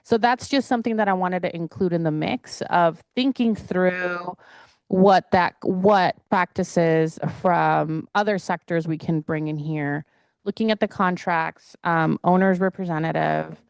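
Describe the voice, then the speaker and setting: A woman's voice: fairly low pitch, unhurried, vocal fry, clear, resonant tone, no room sound. A woman speaking as a councilmember at a city council meeting, talking hesitantly with many fillers and restarts.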